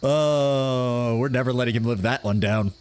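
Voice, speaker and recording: A man's voice: mid-range voice, a little slow, darkish tone, smooth, lightly acted. A man reading aloud as a cheerful young elf woman with a teasing way of bantering. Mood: mocking.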